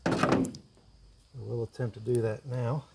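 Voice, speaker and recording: This woodworker and video host has a medium-pitched, gravelly voice, slightly rough and a little mellow, delivered flatly and slowly. He narrates his shop work casually, thinking aloud and explaining each step in turn.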